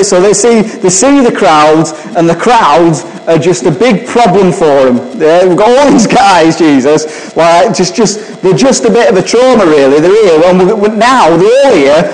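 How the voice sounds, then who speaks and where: A man delivers a relaxed, conversational sermon, regularly turning to the listeners with a question. His voice sits slightly high for a man. The sound carries a long reverb, as if from a large church hall. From England. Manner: chatty, asks the listeners questions. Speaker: preacher. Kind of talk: informal sermon.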